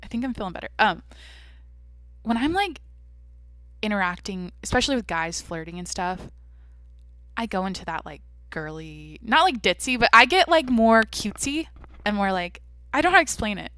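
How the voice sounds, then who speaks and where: Young woman, solo podcast host, blunt and foul-mouthed, tense bright voice, no room sound. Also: medium pitch, animated, normal speed, pauses often, dry recording. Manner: brash, profane, blunt. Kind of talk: casual solo podcast chat.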